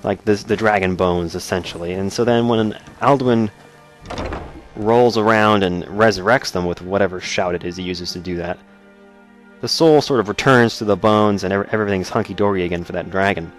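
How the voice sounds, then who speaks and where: A young man hosting a let's play, joking and rambling with plenty of restarts. His voice sits on the low side. Faint game music plays behind him. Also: moderate pace. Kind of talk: casual gameplay commentary.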